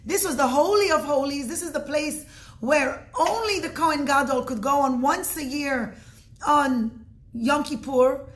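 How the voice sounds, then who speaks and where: High-voiced woman giving a religious talk. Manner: earnest storyteller, often restarts and corrects herself. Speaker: religious teacher.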